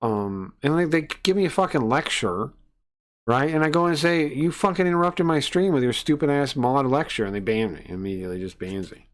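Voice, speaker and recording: A man streaming live, swearing and ranting with open scorn. His pitch sits in an ordinary middle range. He talks into a desk mic. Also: expressive, brisk. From United States. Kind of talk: casual stream rant.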